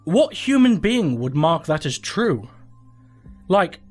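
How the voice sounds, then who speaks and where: A man's voice: a little high, very animated, slow, faint music behind. A young man hosting a gaming channel, commenting casually and sweary as he plays a quiz game, thinking aloud in disbelief.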